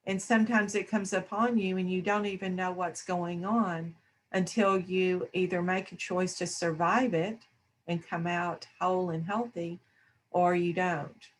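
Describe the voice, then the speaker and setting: Slow, thoughtful woman. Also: on the low side, fairly even intonation, a little hiss or hum. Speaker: discussion panelist. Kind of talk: reflective spiritual discussion.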